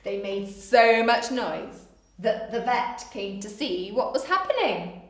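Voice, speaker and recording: A woman reading a picture book aloud to children, with animated, coaxing asides that invite them to join in, recorded in an echoey room. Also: a little high, a little slow, recorded from a distance, slight background noise. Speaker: storyteller for children.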